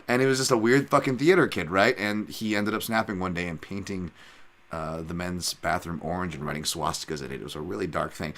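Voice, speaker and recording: A man's voice: lowish voice, fast talker, fairly bright tone. Blunt, profane man from Hawaii hosting. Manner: blunt, profane, rambling with restarts. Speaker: podcast host. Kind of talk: casual podcast chat.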